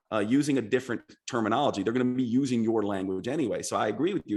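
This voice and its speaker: A man speaking as a podcast guest, explaining his ideas earnestly and in structured steps. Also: medium pitch. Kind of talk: casual podcast conversation.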